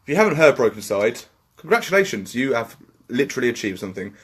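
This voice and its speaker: A man's voice: medium pitch, expressive, fast talker, slightly rough. A man, co-hosting a podcast in casual chat, sweary and sarcastic. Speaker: podcast co-host.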